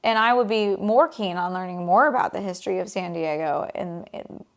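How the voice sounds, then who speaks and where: A co-host with a lowish, creaky woman's voice speaks at a normal speed. She chats casually with her husband about a recent outing, rambling and restarting her story again and again.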